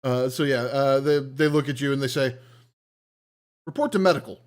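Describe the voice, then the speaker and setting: A man's voice: mid-range voice, flat delivery, fairly quick. A man acting as game master, narrating a tabletop role-playing game in an easygoing way, thinking aloud with fillers.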